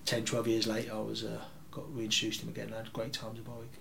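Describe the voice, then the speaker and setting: A man, telling rambling, animated anecdotes as an interview guest. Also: fairly low pitch, fast, vocal fry. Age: 30s. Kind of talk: casual interview storytelling.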